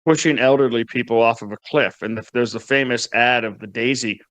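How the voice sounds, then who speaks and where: A man's voice: medium pitch, fairly even intonation, fairly quick, a bit bright, no echo. A man giving casual political commentary, wry and mocking, often restarting his words.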